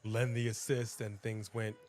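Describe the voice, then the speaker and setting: A man co-hosting a live wrestling watch-along in casual chat, excitable and exclaiming often. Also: on the low side, measured pace.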